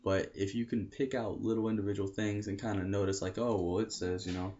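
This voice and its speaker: A man's voice: lowish voice, level tone, fairly quick, warm tone, lo-fi sound, slight background noise. A young American man talking casually to camera about learning languages, rambling and often correcting himself. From United States. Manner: rambling, self-correcting, many fillers.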